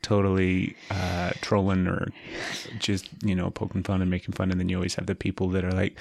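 A man's voice: deep voice, completely flat delivery, brisk, gravelly, a little mellow, dry recording. A man co-hosting a casual podcast chat, laid-back and dryly teasing. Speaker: podcast co-host.

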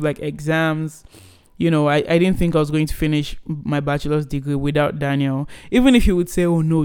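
A young man in his twenties casually telling a personal story, animated and rambling with many restarts. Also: on the high side, clear, resonant tone.

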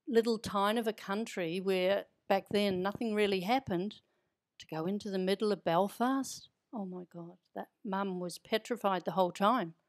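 A woman from New Zealand with an Irish-tinged Kiwi accent, telling stories as an interview guest in a chatty, anecdotal way. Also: medium pitch. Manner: chatty, anecdotal, easy laughter. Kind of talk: conversational storytelling.

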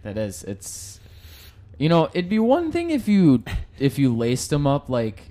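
A man's voice: fairly high pitch, huge pitch swings, unhurried, warm tone. A man co-hosting a casual podcast who jokes, rambles and swears freely. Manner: joking, profane, rambling. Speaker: podcast co-host. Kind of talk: casual chat.

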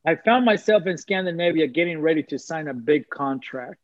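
Earnest high-voiced man giving testimony. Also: animated, brisk, no room sound, dull audio. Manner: earnest, preacherly, repeats phrases for emphasis. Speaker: guest sharing testimony. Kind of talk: emotional personal testimony.

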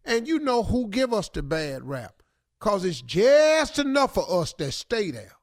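A man giving comic advice on a radio show, acting out loud neighbors in playful shouted bits. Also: sits high, very animated, a little slow. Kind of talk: comedic advice talk.

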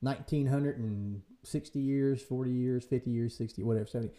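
A man hosting a casual church podcast, talking in a lively way and acting out quoted voices for humor. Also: medium pitch, fairly quick. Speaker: podcast host and church leader. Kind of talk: casual faith discussion.

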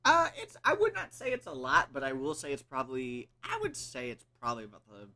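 A man's voice: medium pitch, a little fast. A man hosting a casual podcast from a couch at home, talking in a projecting, classic radio-style voice and joking around, often laughing. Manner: jokey, animated, laughs often. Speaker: podcast host.

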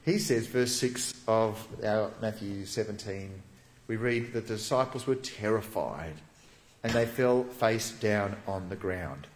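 A man preaching a sermon as a pastor, telling the story vividly and dropping to soft, hushed tones. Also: fairly low pitch, a little slow, reverberant.

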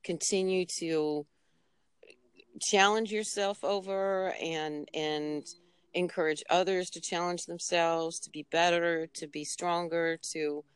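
A woman with a lowish voice speaks as a guest on a podcast over a remote call. She is reflective and halting, restarting her sentences often. The sound is dry and close. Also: fairly even intonation, clean tone, no room sound. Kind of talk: casual interview conversation.

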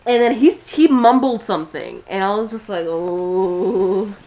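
A woman's voice: on the high side, very animated, normal speed, a little mellow. Blunt, swearing young woman ranting. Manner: blunt, profane ranting storyteller. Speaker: podcast co-host. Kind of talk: casual chat.

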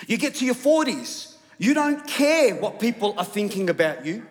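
High-voiced man preaching in a reverberant hall. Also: sing-song, moderate pace. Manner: humorous, self-mocking storytelling. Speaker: pastor. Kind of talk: sermon. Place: church auditorium.

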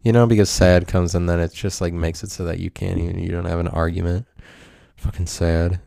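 A man's voice: low voice, flat delivery, fairly quick, creaky, dark tone, no echo, clean studio sound. A man hosting a podcast in a rambling solo monologue, self-mocking and profane, laughing often. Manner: profane, provocative. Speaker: podcast host.

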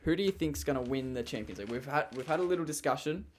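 A young Australian man hosting a casual football tipping chat, relaxed and quick to laugh. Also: mid-range voice, slight background noise. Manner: relaxed, leads the segments, laughs easily. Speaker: podcast host.

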